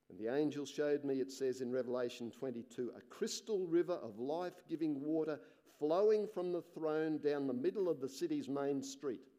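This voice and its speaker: Slow, mellow preacher man. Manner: slow, earnest reading that drops soft and low at phrase ends; excited, musing asides between readings. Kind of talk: sermon with scripture reading.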